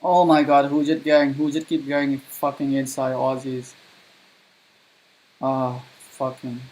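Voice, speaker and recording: A man's voice: medium pitch, level tone, measured pace, darkish tone, poor audio. A man streaming a strategy game live, commenting as he plays, swearing often in frustrated outbursts, with non-native English grammar. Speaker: gaming streamer.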